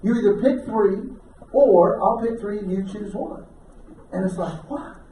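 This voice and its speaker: Animated comedian in an echoey hall. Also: male voice, high-pitched, a little slow, a little hiss or hum. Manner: animated, acts out both sides of conversations. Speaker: stand-up comedian. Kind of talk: stand-up comedy routine. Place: banquet hall at a church men's ministry dinner. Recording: echoey room, mic heard from a distance. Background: audience laughter.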